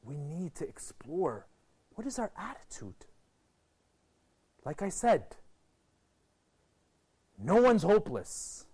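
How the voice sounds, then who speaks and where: Lively high-voiced male lecturer. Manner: expressive, rhetorical questions, sweeping pitch swings. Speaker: TV program presenter and teacher. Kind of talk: motivational lecture to a group.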